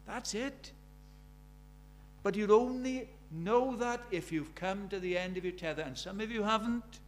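An older man preaching a sermon, earnest, swinging between quiet reflection and emphatic, pleading passages. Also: high voice, measured pace. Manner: earnest, swinging between soft and emphatic, acts out quoted prayers.

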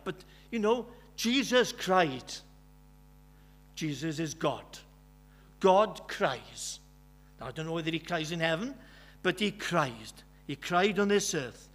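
A man's voice: fairly high pitch, lively intonation, slow pace. A man with a Welsh accent, from West Wales, preaching a sermon in an earnest, emphatic way, repeating key phrases. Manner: earnest, emphatic with many repetitions.

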